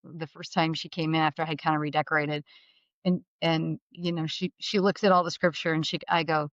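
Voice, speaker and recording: A middle-aged woman as a podcast guest, telling candid, animated stories and acting out the voices she quotes. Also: low-pitched, brisk, no echo. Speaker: guest, mortgage business leader. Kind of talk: candid storytelling interview. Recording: slightly dull studio sound.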